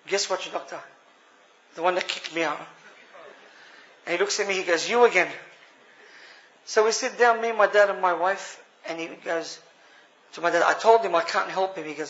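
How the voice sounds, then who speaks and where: In a dull lo-fi recording, an Australian man shares a personal story as earnest testimony, calling his listeners brothers. He speaks at a moderate pace with frequent pauses, his voice sitting high with a fairly bright tone.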